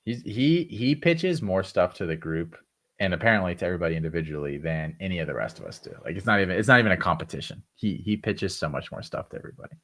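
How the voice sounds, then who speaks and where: Man, very deep voice, podcast co-host, casual talk, advice-giving, filler-heavy. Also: lively intonation, fast talker, fairly bright tone. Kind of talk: casual chat.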